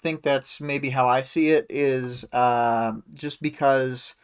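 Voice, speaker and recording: A man's voice: medium pitch, steady tone, takes it slowly, clear, resonant tone. A man co-hosting a livestream book discussion, talking in an easygoing way and often hedging his points. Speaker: podcast co-host.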